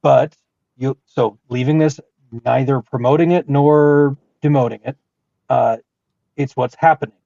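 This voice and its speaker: Gravelly man on a lo-fi podcast. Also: mid-range voice, steady tone, warm tone, no echo. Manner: halting, restarts, opinionated. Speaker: podcast co-host. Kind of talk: casual podcast discussion.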